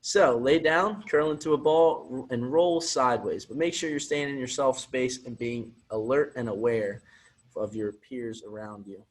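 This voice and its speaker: A man's voice: medium pitch, unhurried. A man teaching physical education, reading a picture book aloud and coaching children through movement breaks in an upbeat, encouraging way.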